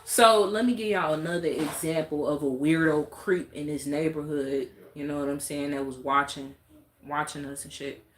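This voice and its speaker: In a room with noticeable echo, a woman live-streams a casual rant to her viewers, blunt, exasperated, and rambling. Her voice is low-pitched and steady, moving at a normal speed.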